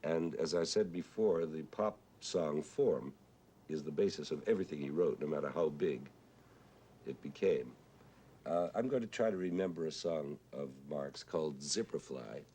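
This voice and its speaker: An older man with a husky, whiskey-worn voice, reminiscing about his mentor in a thoughtful, unhurried way with hesitant fillers. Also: extremely low pitch, dark tone, slight background noise. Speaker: composer and conductor recalling a mentor. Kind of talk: reflective spoken reminiscence. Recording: 1970s television broadcast archive.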